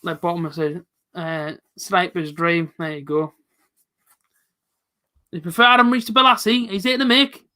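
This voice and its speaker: A man's voice: high voice, normal speed, long pauses, bright, forceful tone. A man in his late twenties hosting a live football reaction stream, chatting casually and answering viewers by name. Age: late 20s. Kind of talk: casual live commentary reading chat.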